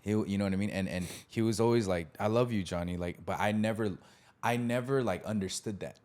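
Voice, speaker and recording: Speaking fairly quickly in a lowish voice, this thirtysomething man hosts a podcast and relates a childhood tale in a relaxed way. He performs the characters' voices with lots of energy and frequent laughter.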